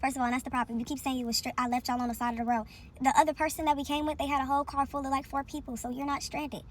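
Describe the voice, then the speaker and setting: A woman tells a story as a heated, profane rant. Her voice sits high and her words come fast. Faint background noise runs under her voice. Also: level tone.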